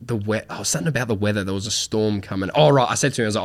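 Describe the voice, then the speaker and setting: A man's voice: fairly low pitch, very fast, hardly any pauses. A young man hosting a podcast, chatting casually, rambling with lots of fillers and swearing freely. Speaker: podcast host. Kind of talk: casual chat.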